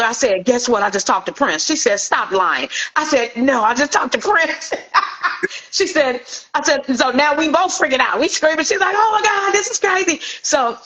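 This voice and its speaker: A middle-aged woman from Inglewood, California, a celebrity hairstylist telling an animated story and acting out the voices of the people in it. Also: fairly high pitch, low-quality recording. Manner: acts out quoted voices, lively anecdotal.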